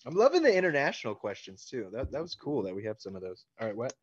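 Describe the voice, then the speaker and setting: A man's voice: medium pitch, wildly swooping pitch, fast talker, slightly rough, no echo, muffled recording. A man in his thirties answering fan questions about his book, rambling casually with plenty of likes and ums. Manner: loose and rambling, many likes and ums, laughs easily. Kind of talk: casual interview chat.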